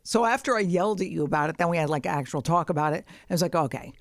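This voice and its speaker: A woman's voice: lowish voice, no echo, studio quality. A woman co-hosting a podcast, telling comic stories in a blunt, profane way and acting out both sides of each exchange. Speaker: podcast co-host. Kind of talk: casual comedic storytelling chat.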